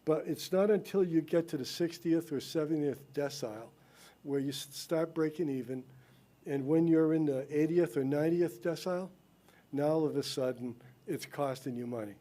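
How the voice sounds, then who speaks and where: A man's voice: fairly high pitch, moderate pace, dark tone. A man with a slight lisp giving an earnest public comment at a town council meeting, explaining a policy idea with frequent restarts.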